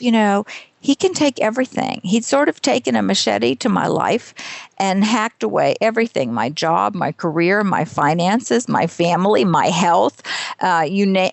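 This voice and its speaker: A middle-aged woman, a guest author in an interview, tells stories in an animated, self-deprecating way and laughs often. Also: medium pitch, vocal fry, dry recording. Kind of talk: conversational interview.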